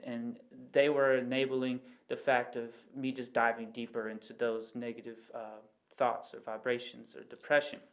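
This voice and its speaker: A man chatting on a podcast in a level, even tone with little rise and fall, his pitch sitting right in the middle. He rambles earnestly, working through everyday analogies and peppering his talk with little "you know" asides. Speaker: podcast guest. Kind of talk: casual reflective conversation.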